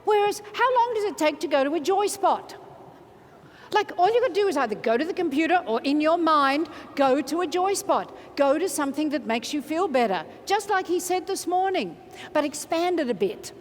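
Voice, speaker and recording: A woman motivational speaker, giving an energetic, playful keynote in a large conference hall and leading the crowd in chants. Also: high-pitched, normal speed, a little hiss or hum. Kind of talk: keynote speech to a large audience. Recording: reverberant hall from a stage mic.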